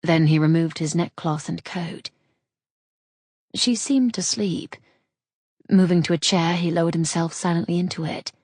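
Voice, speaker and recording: A woman narrating a romance audiobook with soft, intimate pacing. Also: fairly low pitch, a little slow, long pauses, breathy edge, dry recording, clean studio sound.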